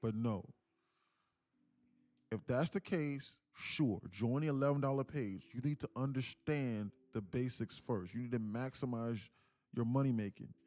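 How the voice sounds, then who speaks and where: A man's voice: medium pitch, measured pace, mellow. A man hosting a live trading stream and mentoring viewers, talking in a rambling, slangy way with many restarts. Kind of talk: casual live-stream talk.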